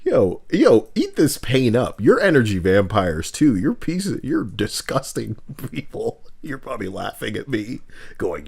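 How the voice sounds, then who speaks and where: A man live-streaming with a co-host, talking casually, animated, swinging from loud outbursts to muttering and swearing often. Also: medium pitch, measured pace, vocal fry, breathy edge.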